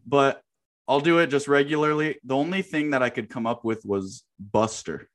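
A man's voice: mid-range voice, normal speed. Laid-back man, easy laughter. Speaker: podcast co-host. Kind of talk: casual chat.

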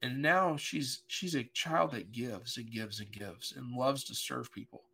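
Middle-aged male pastor, earnest storyteller, bright tone, mid pitch. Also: measured pace, vocal fry, husky. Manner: earnest, emotional, vivid retelling with voiced quotes. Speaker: pastor, podcast guest. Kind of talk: personal storytelling in conversation.

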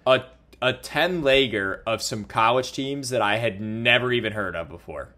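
Young male co-host, mid-pitched voice, excitable self-mocking storyteller. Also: moderate pace. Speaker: podcast co-host. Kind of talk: casual storytelling chat.

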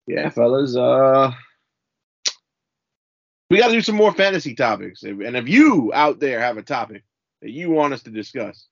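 Relaxed, teasing male podcast co-host; dull, dry lo-fi recording. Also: mid-range voice, no echo. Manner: laid-back, teasing, halting with fillers. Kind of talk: casual podcast chat.

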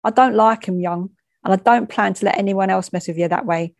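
A woman voicing a crude, jokey heavyset driver of around forty, in a gruff, laughing manner. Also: high-pitched, a little fast, no room sound, studio quality.

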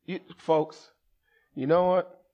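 Preaching slowly in a voice on the high side, this pastor keeps his church service sermon lively and humorous, joking back and forth with the congregation and raising his voice to a shout for emphasis. The sound quality is lo-fi.

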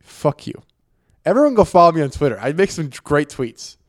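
A man's voice: fairly high pitch, sing-song, brisk, no echo, studio quality. A young man co-hosting a sports podcast in casual chat, teasing and bantering with his co-host.

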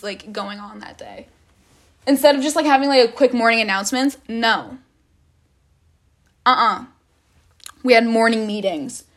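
A woman's voice: on the high side, fairly bright tone. A young woman telling a storytime rant in a casual, dramatic way, full of "like" and swearing. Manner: heavy filler "like", swearing, dramatic retelling. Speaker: vlogger.

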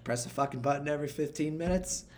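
A woman putting on a gruff, profane middle-aged Boston man, a boat captain with a Boston accent who mocks his crew. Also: low voice, quick pace, a little hiss or hum, natural voice. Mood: mocking. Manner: profane, mocking.

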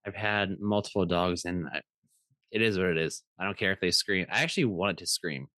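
Casting: low-pitched man, thirties, chatty podcast co-host, dry close sound. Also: brisk, no echo. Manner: rambling, animated anecdotes with many fillers. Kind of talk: casual storytelling chat.

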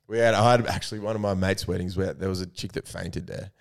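A man's voice: low-pitched, steady tone, fast talker, creaky. A young man co-hosting a podcast, bantering casually, teasing his friend, laughing often and swearing freely. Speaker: podcast co-host.

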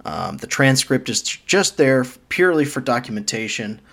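Gravelly-voiced joking man telling stories. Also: mid-range voice, animated, normal speed, few pauses, fairly bright tone. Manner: joking storyteller, swears casually, laughs often. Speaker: podcast co-host. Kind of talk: casual chat.

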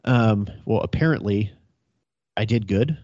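A man's voice: lowish voice, expressive, unhurried, a little mellow, no room sound, dull audio. A young adult male police officer telling a work story in a casual, profane chat, laughing as he goes.

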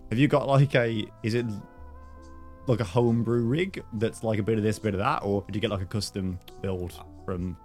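A man's voice: lowish voice, fairly even intonation, a little fast, darkish tone, soft background music. A man hosting a podcast in casual chat, rambling with lots of fillers and teasing his guest. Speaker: podcast host.

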